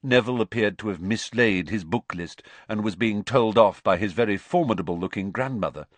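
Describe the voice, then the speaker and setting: A man's voice: fairly low pitch, a little fast, no echo. A man narrating an audiobook expressively and switching into voices for the characters.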